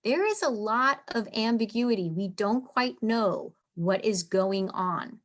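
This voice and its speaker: Lady teacher walking thru a play, excited, drums the meter out loud, talks kinda casual. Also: medium pitch, slow pace. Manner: enthusiastic, taps out meter aloud. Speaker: literature teacher. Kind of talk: casual lecture with read-aloud quotes.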